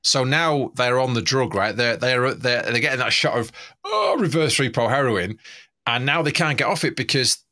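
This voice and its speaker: Bright-voiced, enthusiastic male host. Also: medium pitch, animated, moderate pace. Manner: enthusiastic, rambling, many restarts. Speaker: show host. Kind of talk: casual chat.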